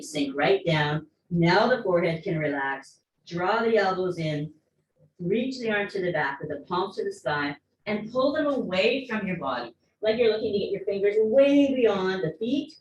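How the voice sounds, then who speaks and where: A woman's voice: lowish voice, slight background noise. A woman fitness instructor talking a class through stretches and breathing, with encouraging cues and playful asides. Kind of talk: guided workout cues. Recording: echoey room, mic far off.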